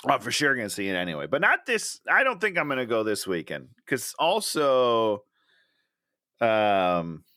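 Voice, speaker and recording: A man's voice: medium pitch, very animated, normal speed, pushed and bright. A man co-hosting a podcast in casual chat, blunt and wry, laughing often. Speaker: podcast co-host.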